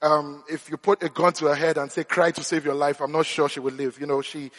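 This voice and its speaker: A man's voice: on the high side, little pitch movement, a little fast, fairly bright tone, long reverb tail. A man preaching a sermon, telling humorous, self-deprecating stories. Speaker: pastor.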